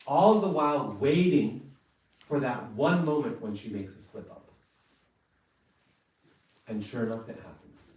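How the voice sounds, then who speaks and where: Slow, measured man in an echoey temple. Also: lowish voice, darkish tone, recorded from a distance, a little hiss or hum. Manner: measured, deliberate storytelling. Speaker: temple speaker. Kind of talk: sermon storytelling. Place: temple hall. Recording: echoey temple hall from afar.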